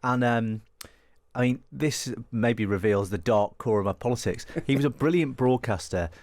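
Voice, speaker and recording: Guy from northwest england on a radio panel, talks fast, trips over himself and restarts, dry studio sound. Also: mid-range voice, no room sound. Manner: quick, animated, with restarts and repeated words. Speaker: political journalist, studio guest. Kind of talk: radio political discussion. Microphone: studio microphone.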